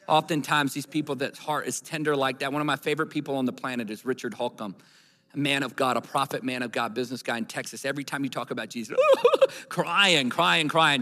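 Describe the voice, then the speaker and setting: A man's voice: mid-range voice, bright, forceful tone. A man preaching a sermon, telling a story and building to emphatic, repeated declarations. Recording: long hall reverb.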